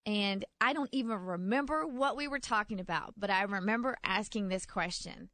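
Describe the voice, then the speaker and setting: Bright-voiced young woman telling a story. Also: medium pitch, normal speed, dry recording. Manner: animated, excited storyteller. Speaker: radio show co-host. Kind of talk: casual morning radio chat, storytelling.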